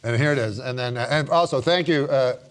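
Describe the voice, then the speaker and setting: A man's voice: medium pitch, fairly quick. A man hosting a talk show, reading jokes off cards in loose, playful banter. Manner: reads jokes off cards, laughs often, playful.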